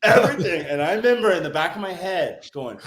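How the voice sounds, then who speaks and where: A man in his forties, a podcast guest and former Navy corpsman, telling stories in an animated, profane, casual way. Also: sits high, fast, reverberant. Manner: animated, heavy swearing, acts out quotes. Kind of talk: casual storytelling.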